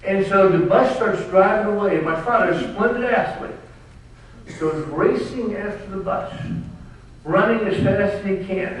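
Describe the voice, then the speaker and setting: A man, an author at a book launch, telling wry and animated family stories to a live audience in a large hall. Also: high voice. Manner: wry, animated, drops into dry asides. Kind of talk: humorous storytelling to a live audience. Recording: echoey hall, distant mic, faint noise.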